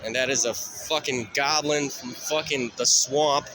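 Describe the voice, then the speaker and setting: In this night-walk vlog, a man wanders a city street and rambles profanely in a stream of consciousness. He speaks at a measured pace in a steady, mid-range voice that sounds pushed and bright, while faint traffic and street noise drift by.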